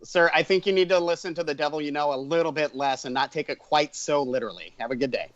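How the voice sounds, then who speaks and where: A man playing a calm emergency dispatcher, speaking in a flat, procedural phone manner. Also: fairly high pitch, fast talker, dry recording, dull audio, natural voice. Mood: calm, dry.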